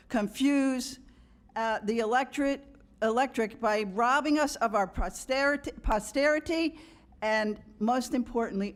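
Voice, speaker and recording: A woman with a fairly high voice reads a prepared statement to a county board. Her delivery is earnest and formal. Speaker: public commenter. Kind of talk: prepared public comment. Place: county commission chamber.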